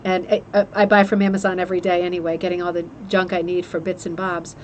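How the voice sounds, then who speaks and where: A woman's voice: lowish voice, little pitch movement, fast talker, slight background noise. Chatty woman hosting a craft livestream. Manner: chatty and gushing, with fillers and restarts. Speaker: host of a rug hooking club livestream. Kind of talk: casual chat, reviewing a book.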